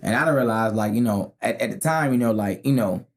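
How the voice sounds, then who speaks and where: A comedian, telling stories from his life in a casual, animated way and swearing freely. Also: on the low side, a little fast. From Tennessee. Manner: animated, acts out other people's voices, swears freely. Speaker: guest comedian. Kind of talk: casual storytelling.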